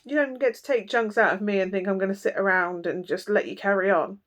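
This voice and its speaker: A woman's voice: mid-range voice, quick pace. A woman giving a casual tarot reading, talking bluntly and chattily with lots of fillers. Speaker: tarot reader.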